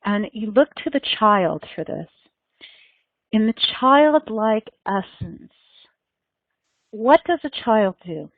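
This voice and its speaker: A woman gives a meditative spiritual talk at a middle pitch. She talks in an earnest, flowing way, often repeating and restarting her phrases. The sound is dry and narrow, like a phone line. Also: lively intonation, slow, pauses often, dry recording. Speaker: spiritual teacher leading a meditation gathering.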